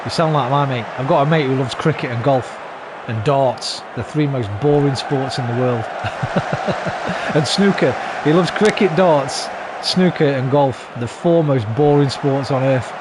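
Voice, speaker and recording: A man's voice: mid-range voice, measured pace. A British man in his thirties, casually chatting and swearing freely as he streams a football game and rants at his team. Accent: British English. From Britain. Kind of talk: casual gaming commentary. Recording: noisy background.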